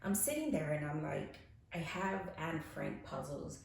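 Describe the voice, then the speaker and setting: A woman around forty telling personal stories frankly and candidly. She swears freely and swings between soft reflection and animated laughter. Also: deep voice, unhurried, creaky, a little hiss or hum. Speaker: podcast guest. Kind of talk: candid conversational storytelling. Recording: very echoey room.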